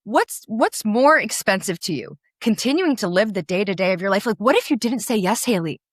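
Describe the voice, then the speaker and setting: A woman's voice: medium pitch, animated, brisk, dry recording, clean studio sound. A woman podcast host and sales coach who speaks encouragingly and addresses the listener directly. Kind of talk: podcast interview.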